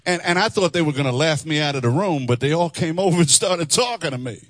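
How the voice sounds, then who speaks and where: A middle-aged man preaching a testimony sermon, animated, singing phrases and laughing asides. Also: on the high side, fast talker, no echo, studio quality. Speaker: chaplain and preacher. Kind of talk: testimony sermon with sung lines. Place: church hall before a congregation.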